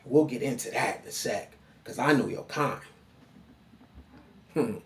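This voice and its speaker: A man giving an animated commentary monologue, mocking and lecturing the person he addresses. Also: medium pitch, measured pace. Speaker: online commentator.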